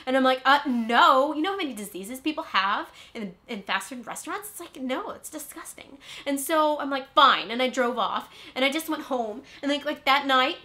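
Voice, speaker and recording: A woman's voice: sits high, lively intonation, fairly quick, few pauses, pushed and bright. A woman from California playing a ditzy, spoiled, rich young Valley Girl with a Valley Girl accent, talking in a comedic vlog monologue full of "like" and whiny uptalk. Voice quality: constant "like" fillers, airheaded whiny uptalk.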